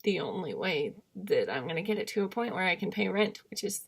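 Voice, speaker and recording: A woman's voice: lowish voice, sing-song, brisk, creaky, husky. A young woman vlogging in a candid, rambling monologue, self-deprecating and often trailing off into murmurs.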